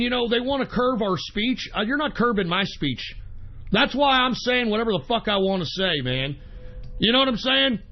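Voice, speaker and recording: A man with an unusually high voice hosts a talk radio show in an angry, profane rant. His delivery is heated and combative. The audio is dull and lo-fi, like an old radio archive recording.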